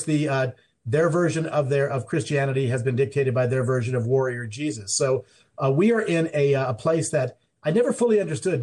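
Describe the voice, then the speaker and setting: A man's voice: medium pitch, a little mellow. A man talking as an interview guest, rambling with many restarts and fillers. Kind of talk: conversational interview. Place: Mountain Time Zone.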